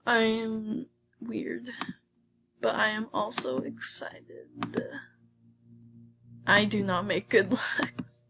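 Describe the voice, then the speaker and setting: A young woman chatting casually over gameplay, excitable and often dropping into a whisper. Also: mid-range voice, drawn-out words, vocal fry, long pauses. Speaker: gaming video host.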